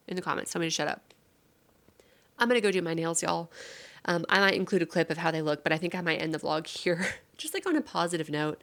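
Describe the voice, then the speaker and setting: A tearful woman talks at home in a casual, confessional vlog. Her voice sits a little low and has a gravelly fry. She rambles warmly, with plenty of fillers. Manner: rambling and heartfelt, many fillers. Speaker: vlogger and streamer.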